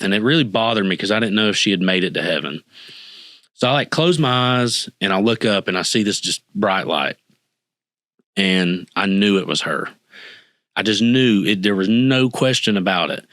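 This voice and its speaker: A man with a somewhat low voice tells a deeply personal story as a podcast guest. His tone is forceful and bright, and he acts out the dialogue of the people in his story with real feeling. The sound is dry and close, with no room echo. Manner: earnest, emotional, acts out quoted dialogue.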